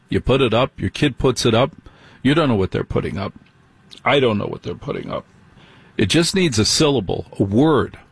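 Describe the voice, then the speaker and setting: A man's voice: medium pitch, slightly rough, no echo. A middle-aged man hosting a late-night radio talk show, speaking in a conversational way, repeating phrases for emphasis and putting questions to his listeners. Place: radio studio. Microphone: studio microphone.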